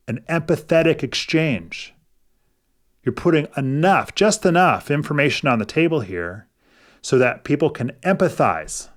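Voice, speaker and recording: A middle-aged man hosting a personal finance video, explaining things in a thoughtful, casual way with gentle coaching and some hesitant restarts. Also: mid-range voice. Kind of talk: casual explanatory talk to camera.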